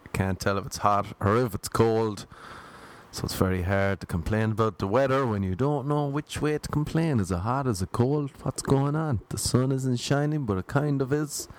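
A man hosts his own podcast alone, talking in a loose, rambling way and bantering with himself. His voice sits low, with a faint hiss behind it. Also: moderate pace. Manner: rambling, joking asides to himself. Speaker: podcast host. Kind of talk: casual solo podcast chat. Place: home in Los Angeles.

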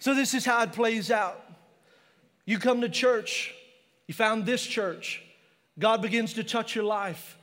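A man's voice: high-pitched, a little slow, pauses often, fairly bright tone, in a large hall. A male pastor preaching a passionate sermon in a church, mixing personal stories with scripture.

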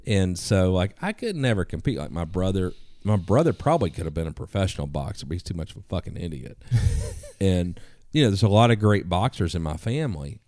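A man with a very low, deep voice tells stories on a podcast, and his pitch swings widely as he gets animated. His swearing comes easily, and the sound is close and dry with no room around it. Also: brisk, hardly any pauses, dry recording. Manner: profane, animated storyteller. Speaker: podcast guest. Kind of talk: casual podcast conversation.

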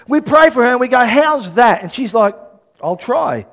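A man delivering a sermon in a strikingly high voice. He tells stories with lots of acted-out dialogue and bursts into shouts for emphasis. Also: fairly quick. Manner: animated, acts out quoted dialogue, shouts emphasis. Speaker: pastor.

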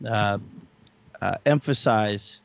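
A man's voice: on the low side, slow, vocal fry, no echo, muffled recording. A man co-hosting a casual chat show, talking earnestly and rambling with many fillers. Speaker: podcast co-host.

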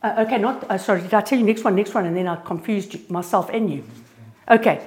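A woman giving an informal, earnest sermon and personal testimony, lively and prone to restarting words. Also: medium pitch, fast. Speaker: speaker sharing a testimony. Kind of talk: informal church sermon with slides. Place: church gathering.

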